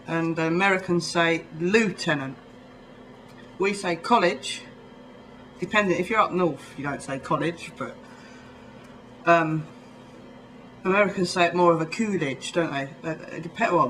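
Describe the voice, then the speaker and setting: A man's voice: a little high, moderate pace, a bit bright, a little hiss or hum, low-quality recording. Chatty young man with a southern English accent. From England, near London. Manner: rambling, chatty, full of ums and little laughs. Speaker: vlogger. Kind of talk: casual chat to camera.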